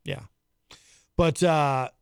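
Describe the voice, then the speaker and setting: A man's voice: on the high side, steady tone, extremely slow, creaky, clear, resonant tone, dry recording, studio quality. A man hosting a casual talk show, joking and laughing often. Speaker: host.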